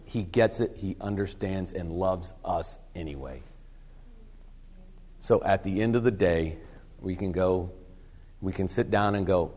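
A man's voice: on the low side, measured pace, long pauses. Man preaching in a reverberant hall. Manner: conversational, acts out short dialogues with soft hushed lines. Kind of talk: sermon.

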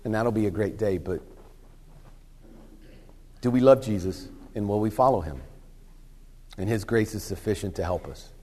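A man preaching a sermon in a conversational way, acting out short exchanges and dropping to hushed lines. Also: fairly low pitch, normal speed, pauses often. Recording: long hall reverb.

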